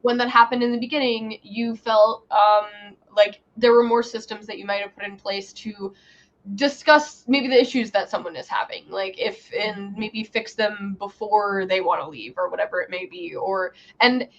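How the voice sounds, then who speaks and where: A woman hosting an interview, talking in a relaxed, thoughtful, casual way. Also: mid-range voice, moderate pace. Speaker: podcast host. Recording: slightly dull, muffled audio.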